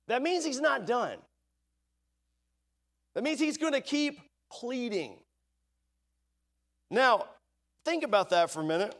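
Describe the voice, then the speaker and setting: High-voiced tinged preacher. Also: male voice, very animated, a little slow, pauses often. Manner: conversational preaching, rhetorical questions, reads scripture aloud. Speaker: pastor. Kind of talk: sermon. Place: church sanctuary.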